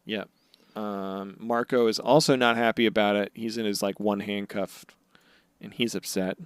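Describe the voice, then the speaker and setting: Animated young man recapping a show. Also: normal speed, smooth, dry recording, clean studio sound. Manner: animated recapper who acts out characters in high silly voices. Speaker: podcast co-host. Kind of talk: casual podcast chat.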